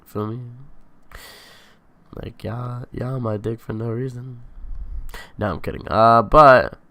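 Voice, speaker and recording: A man's voice: mid-range voice, steady tone, takes it slowly, a bit bright. A young man hosting a live stream, rambling casually in profane slang about combat sports.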